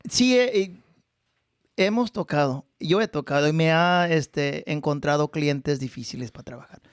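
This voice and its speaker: A man's voice: fairly high pitch, a little fast, smooth, no room sound, studio quality. A man from Texas hosting a podcast, chatting casually and switching freely between English and Spanish. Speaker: podcast host, mariachi musician. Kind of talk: casual bilingual chat.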